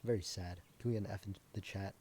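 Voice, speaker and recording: A man's voice: sits low, steady tone, quick pace, dark tone, slight background noise. A young man giving casual, rambling gameplay commentary, full of "like" and jokes. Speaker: gameplay streamer.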